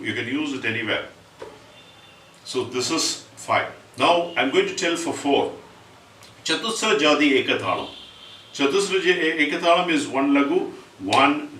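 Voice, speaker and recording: A man teaching Carnatic rhythm, explaining step by step and reciting rhythm syllables loudly and fast. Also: mid-range voice, a little hiss or hum. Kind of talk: spoken music lesson with recited rhythm syllables. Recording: roomy, distant mic, faint ambience.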